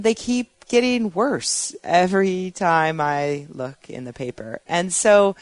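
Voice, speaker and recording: A woman's voice: lowish voice, no echo. A woman co-hosting a podcast in casual panel chat, talking in a chatty, sardonic way and laughing often. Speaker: podcast co-host.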